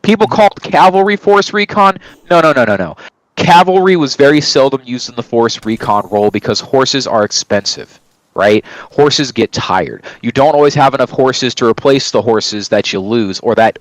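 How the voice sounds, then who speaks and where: A man's voice: mid-range voice, animated, brisk, no echo, rough recording. A man streaming and telling a long story in casual chat, rambling and swearing, often checking in with "right?". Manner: rambling, profane, keeps asking "right?".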